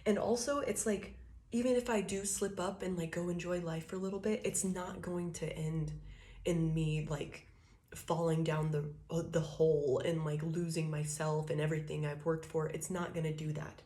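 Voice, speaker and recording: A woman's voice: low voice, fairly even intonation, moderate pace, mellow, slight background noise. A woman giving a casual tarot reading, talking loosely and profanely, laughing often and acting out quoted thoughts. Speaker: tarot reader.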